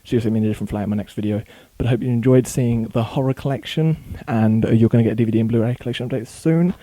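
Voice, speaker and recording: A man speaks in a very dark, mellow tone, reading through a long list at speed and correcting himself as he goes. The sound is close and dry, recorded at home in his bedroom for a casual vlog. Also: mid-range voice, steady tone, dry recording. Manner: rattles off titles quickly with small slips and self-corrections. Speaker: video blogger.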